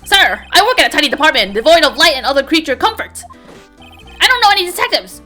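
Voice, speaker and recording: A woman voicing a jittery young male police patrolman in a game, shouting and ending nearly every sentence with "sir!". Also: sits high, sing-song, quick pace, soft background music, voice pushed up, heavily acted. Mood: frantic, loud. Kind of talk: voice acting a game script aloud.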